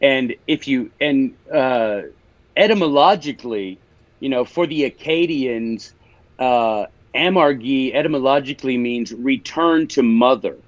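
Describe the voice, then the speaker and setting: A man's voice: mid-range voice, expressive, measured pace, no room sound, highs cut off. A man with a Memphis accent, a guest author explaining ideas in a casual interview, teaching and restarting as he talks.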